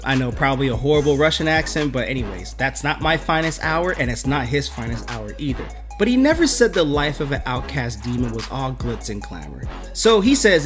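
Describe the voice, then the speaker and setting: A man's voice: medium pitch, big pitch swings, a little fast, hardly any pauses, fairly bright tone, soft background music. A man casually recapping a comic book story, joking as he goes.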